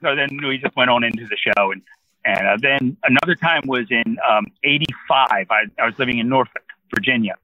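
A man's voice: medium pitch, brisk, no room sound, dull audio. A man in his sixties from New Jersey, a guest telling a long rambling anecdote in casual conversation. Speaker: interview guest. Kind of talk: casual storytelling.

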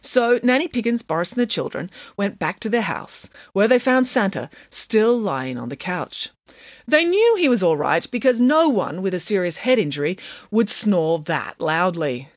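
A woman reading her own children's storybook aloud with expressive, playful narration. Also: medium pitch, normal speed, no echo, studio quality. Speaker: author reading her book.

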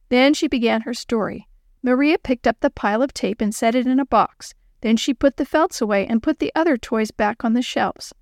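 A woman narrating a children's story in a clear, expressive reading. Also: a little high, moderate pace, no room sound, studio quality.

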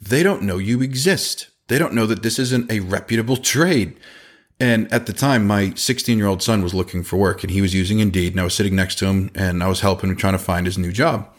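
A man in his forties hosting a casual podcast, giving advice with quick asides and a storyteller's energy. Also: on the low side. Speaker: podcast host and business owner.

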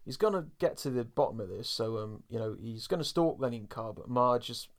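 A man's voice: mid-range voice, expressive, fairly quick. Chatty laughing man recapping an episode. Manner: chatty, laughs often, filler-heavy. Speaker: podcast co-host. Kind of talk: casual chat recapping a cartoon episode.

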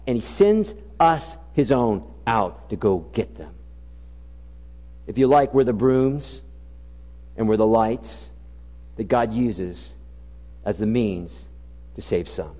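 A man preaching with a dark, mellow voice that rises loud and urgent and then sinks low and slow. His words ring out with the long reverb of a large church hall. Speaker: pastor. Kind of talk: sermon.

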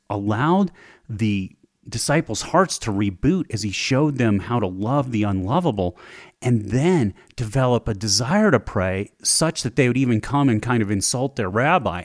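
A male podcast host giving a faith-based talk, retelling a story in a lively storytelling manner. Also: medium pitch, dry recording, studio quality. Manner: animated storyteller, vivid retelling.

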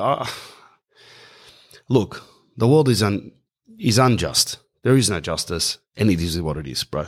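A man in his thirties with an Australian accent, rambling through a comic story in slangy, casual speech. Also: lowish voice. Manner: rambling, slangy, keeps saying bro. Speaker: comedian storyteller.

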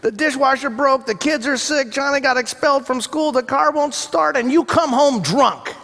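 A man doing a frazzled housewife at her wit's end, pitched up high above his usual voice and piling complaint on complaint. She sounds tearful and overwhelmed, and it rings out in a big reverberant hall. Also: normal speed, a bit bright, slight background noise. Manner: tumbling complaints in a raised voice.

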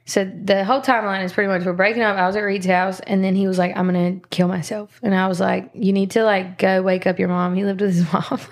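A woman's voice: medium pitch, level tone, fast talker, few pauses. A woman hosting a podcast, telling stories bluntly and swearing freely in casual chat. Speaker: podcast host.

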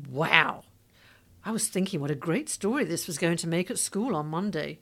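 A woman narrating a memoir-style story in a steady, storytelling manner. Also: on the low side, normal speed. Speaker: audiobook narrator. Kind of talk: scripted narration.

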